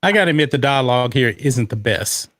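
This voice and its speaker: A man's voice: mid-range voice, expressive, a little fast, fairly bright tone, no room sound. Host, male, casual movie watch-along talk, dry close mic. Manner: chatty, reads out viewer comments. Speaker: podcast host.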